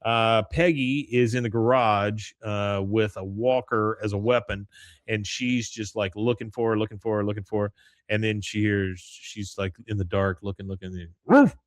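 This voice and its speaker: A man hosting a podcast, recapping a cartoon episode in a relaxed chat and dipping into quick character voices. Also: lowish voice, no room sound, studio quality. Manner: retells scenes with quick character voices, chuckling. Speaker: podcast host.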